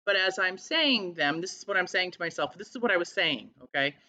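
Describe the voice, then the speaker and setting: A woman talking in a casual vlog, earnest and halting as she searches for words. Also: lowish voice, animated, pushed and bright. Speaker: vlogger. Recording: slightly dull lo-fi sound.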